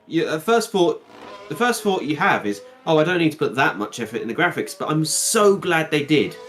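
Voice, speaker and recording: A man's voice: fairly high pitch, very animated, normal speed, a bit bright, faint music behind. A man chatting casually as a guest on a game stream, rambling and laughing as he talks. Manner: rambling, laughs while talking. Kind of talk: casual chat.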